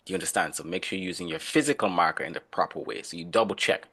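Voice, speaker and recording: A man's voice: low voice, sing-song, rapid-fire, creaky, bright, forceful tone, husky. A man teaching an online class, explaining and calling on students by name in a casual, conversational way. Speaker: instructor.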